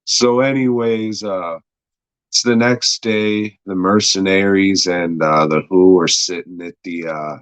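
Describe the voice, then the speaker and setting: A man's voice: low-pitched, fairly even intonation, unhurried, clear, resonant tone, dry recording, rough recording. A man hosting a podcast, recapping an episode's plot in a rambling, crude way, swearing a lot and filling gaps with uh. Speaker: podcast host reviewing an episode.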